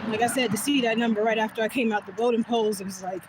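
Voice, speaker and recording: A woman's voice: on the high side, steady tone, quick pace, background noise. Emotional woman vlogging outdoors. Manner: emotional, laughing often, trailing into soft whispers. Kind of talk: emotional casual storytelling. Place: outdoors, walking back from voting.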